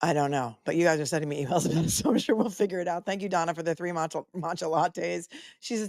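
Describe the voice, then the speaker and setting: A woman's voice: lowish voice, fast, darkish tone, no echo, clean studio sound. A woman attorney hosting a live stream, chatting casually and playfully while reading out viewer messages. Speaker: attorney commentator hosting a livestream.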